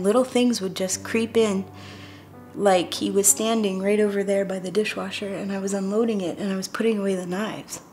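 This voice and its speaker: Woman, medium pitch, quiet, candid documentary testimony with soft music under it. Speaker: mother sharing her story.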